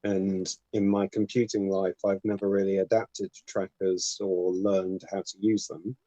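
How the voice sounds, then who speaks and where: Low-voiced man hosting a relaxed call. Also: a little slow, no echo, dull audio. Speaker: host of a modular synth stream. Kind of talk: casual technical chat. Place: remote online call.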